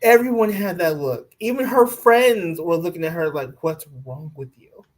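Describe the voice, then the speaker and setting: Woman, lower voice, laughing co-host, casual recap chat. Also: expressive, moderate pace, darkish tone. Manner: laughing, agreeing side comments.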